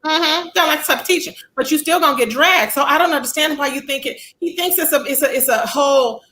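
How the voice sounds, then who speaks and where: A woman hosts her own livestream in a casual, sassy way. Her voice sits high and sounds bright and forceful. She chats freely and reads viewers' comments aloud. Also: fast talker, rough recording. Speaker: livestream host.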